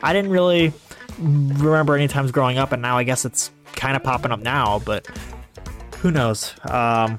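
A man's voice: medium pitch, moderate pace, soft background music. A man in his twenties from Northeast Ohio, hosting his own podcast and rambling through a casual solo monologue. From Northeast Ohio, USA. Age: 20s. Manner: rambling, animated storytelling. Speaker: podcast host.

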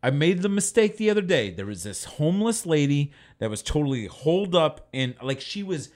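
A podcast co-host with a fairly high voice and a moderate pace chats casually, telling stories with energy. He's an animated storyteller who acts out the people he quotes.

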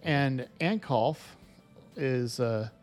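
A man narrating as game master, halting and full of fillers. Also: medium pitch, darkish tone, soft background music. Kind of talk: narrating and voicing a tabletop game.

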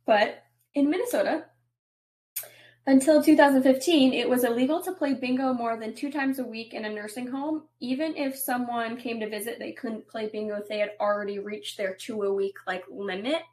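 A woman co-hosting a podcast in relaxed, casual chat. Her voice sits a little high, and she laughs often and asks teasing questions. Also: normal speed. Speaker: podcast co-host.

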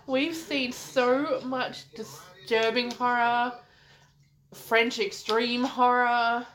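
A woman's voice: fairly high pitch, flat delivery, very slow, a bit bright. A woman co-hosting a podcast, chatting casually, teasing her co-host and swearing while they watch a movie. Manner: laughing, teasing, swears freely.

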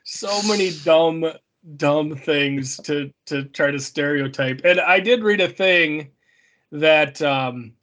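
A man's voice: on the high side, takes it slowly, a bit bright. A man co-hosting a casual movie discussion, explaining background with hesitant ums and restarts. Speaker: podcast co-host.

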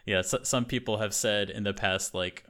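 A man's voice: fairly low pitch, steady tone, normal speed, sharp tone. A man hosting a casual podcast chat, talking loosely with lots of fillers and restarts. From English-speaking country. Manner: rambling with frequent fillers and restarts. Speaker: podcast host.

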